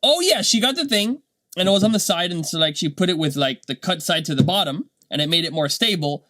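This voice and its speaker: A man, a dad, telling a casual motivational story in a rambling, animated way, tagging his points with "right?". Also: high voice, brisk, no room sound. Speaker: vlogger and dad.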